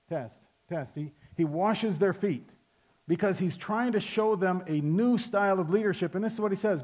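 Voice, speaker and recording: A man's voice: on the high side, darkish tone. A middle-aged man preaching a sermon, telling stories in a conversational way and calling out to the congregation. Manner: storytelling, conversational, calls out "Amen?". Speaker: pastor.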